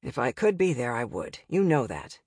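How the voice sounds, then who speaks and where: A woman's voice: a bass voice, sing-song, moderate pace, darkish tone, breathy edge, dry recording, clean studio sound, pitched below the performer's own voice, exaggerated voice. A woman reading an audiobook and voicing a distracted, easygoing grown man who speaks breezily and apologetically. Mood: apologetic.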